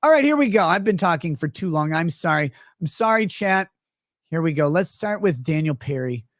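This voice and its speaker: Reading chat messages as he goes, a male livestream host offers crude, rambling, foul-mouthed casual commentary. His slightly high voice is expressive and moves at normal speed. Clean studio sound, no echo.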